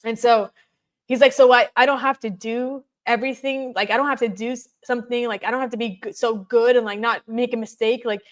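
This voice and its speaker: A woman in her thirties, a podcast guest, telling her story in an animated way and acting out her children's words. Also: a little high, fairly quick. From United States. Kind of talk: personal testimony in a podcast interview.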